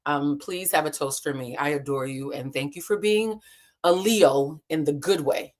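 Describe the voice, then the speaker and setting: A woman in her thirties hosts a casual livestream from a hotel room. Her voice sits on the low side. She talks in a candid, animated way and swears freely. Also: normal speed. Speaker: livestream host.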